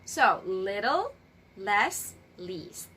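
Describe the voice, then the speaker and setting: A woman's voice: mid-range voice, sing-song, drawn-out words, sharp tone, a little hiss or hum. A woman teaching an English grammar lesson, patiently stressing each example word.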